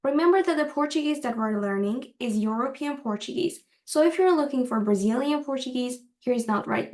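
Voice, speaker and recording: A woman's voice: fairly high pitch, a little mellow. A woman teaching a language lesson, explaining carefully and repeating words for practice.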